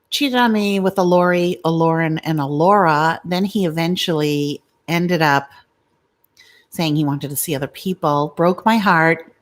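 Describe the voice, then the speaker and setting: A woman's voice: low-pitched, measured pace. A middle-aged woman vlogging from her home, chatting to viewers with rambling, confiding asides and stories. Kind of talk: chatty live vlog talking to viewers.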